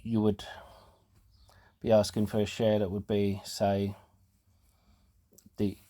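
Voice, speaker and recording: A man hosting a casual talk show, explaining things in a halting way with fillers and restarts, and sounding out of breath. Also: fairly low pitch, completely flat delivery, mellow. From United Kingdom. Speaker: host.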